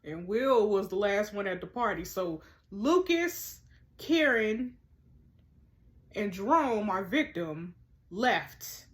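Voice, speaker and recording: A woman's voice: medium pitch, animated, slow pace. A woman chatting with viewers as she plays a mystery game, reading clues and messages aloud. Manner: chatty, talks to viewers, reads texts aloud. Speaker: gamer playing a mystery game. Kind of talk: casual let's-play commentary.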